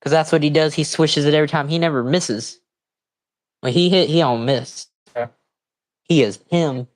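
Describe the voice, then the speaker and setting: On his livestream, a man loosely comments on a wrestling broadcast, now and then erupting in excitement or reacting in confusion. His voice is on the high side, at a moderate pace.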